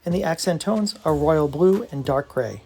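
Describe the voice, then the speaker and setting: Brand presenter for scripted product narration: gravelly texture at a mid pitch, openly enthusiastic, faint music underneath. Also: animated, normal speed, dark tone. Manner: enthusiastic, admiring.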